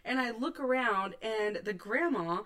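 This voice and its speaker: Woman in her 30s, podcast cohost, tells it big, lots of cussing and laughing, kinda high voice. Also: lively intonation, unhurried. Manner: swears a lot, laughs often, acts out quotes loudly. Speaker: podcast co-host. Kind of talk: animated storytelling.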